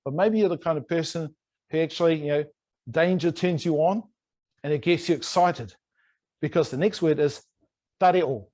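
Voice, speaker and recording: A man's voice: on the high side, normal speed, pauses often, darkish tone. A man teaching a language in an online lesson, playful and over-pronouncing words to demonstrate them. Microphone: video call.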